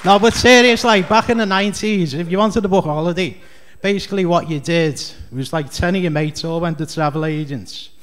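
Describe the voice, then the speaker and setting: A man's voice: on the high side, a little fast, few pauses, some chatter behind. A man with a Scouse accent doing a rambling, chatty stand-up comedy set on a club stage. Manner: rambling, chatty, heavy on fillers.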